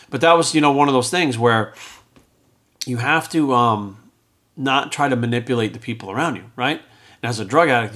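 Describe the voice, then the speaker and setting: A fairly bright, mid-range male voice belongs to a middle-aged fitness coach and podcast host. Chatty and rambling, he recounts something that happened to him and acts out the lines of the people involved.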